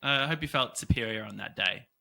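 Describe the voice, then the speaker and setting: A young Australian man co-hosting a podcast, chatting casually and telling animated stories with frequent laughter. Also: medium pitch, a little fast, vocal fry. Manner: animated storytelling, laughs often. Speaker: podcast co-host. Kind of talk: casual chat.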